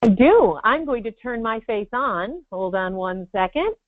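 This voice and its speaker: A woman's voice: on the high side, animated, measured pace, no room sound. A middle-aged woman talking casually from her office, chatty and self-deprecating, as the guest presenter. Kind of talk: casual webinar chat. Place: home office. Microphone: video call. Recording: tinny phone-like web call audio, dry.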